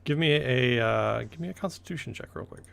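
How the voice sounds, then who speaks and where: Guy running a tabletop game, rambly, keeps fixing his own words, mid pitch. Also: expressive, brisk, vocal fry, very noisy. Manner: rambling, corrects himself often. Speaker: game master.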